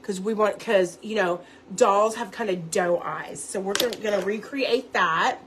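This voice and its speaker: A woman's voice: medium pitch, measured pace, noisy background. A woman giving a chatty live makeup tutorial at home, talking viewers through each step. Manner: chatty, instructive, addresses viewers directly. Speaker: makeup seller and beauty teacher.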